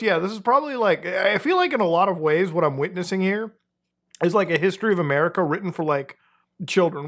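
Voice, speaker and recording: A man's voice: high-pitched, fairly bright tone. Casual, slangy male commentary host. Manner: casual and swearing, with slangy asides.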